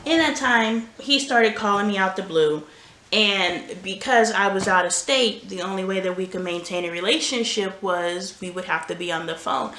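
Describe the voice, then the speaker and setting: A woman's voice: mid-range voice, normal speed, fairly bright tone. A woman vlogger and mother telling candid stories in casual chat while doing laundry at home. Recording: roomy home echo, faint noise.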